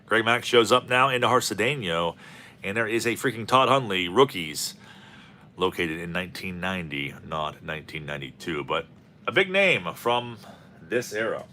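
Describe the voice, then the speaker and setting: A man hosts a card-opening video in a bright, forward voice, his pitch swinging widely as he jokes and rambles. He calls out each player's name as the packs go by, in a casual commentary style. His voice sits on the low side, with a faint ambient hum behind it. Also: big pitch swings, normal speed. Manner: rambling and jokey, calling out player names. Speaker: host of a card-opening channel.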